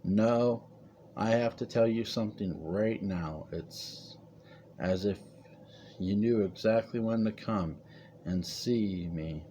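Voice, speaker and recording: A man's voice: on the low side, slow pace, mellow, a little hiss or hum. A man voicing a frightened old matriarch. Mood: pleading. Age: 80s. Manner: pleading, urgent. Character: frightened elderly woman, family matriarch.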